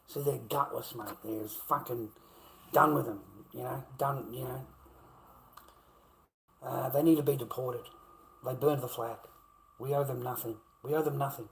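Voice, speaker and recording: An Australian man ranting on a livestream, swearing constantly and swinging between low muttering and loud outbursts. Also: gravelly, poor audio. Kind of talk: profane livestream rant.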